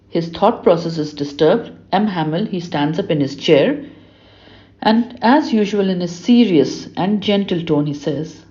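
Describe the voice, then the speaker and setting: A woman's voice: medium pitch, mellow. A woman teacher who reads a story aloud, then restates each passage in simpler words. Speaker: English teacher. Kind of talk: reading aloud and explaining a story. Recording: slightly muffled lo-fi recording.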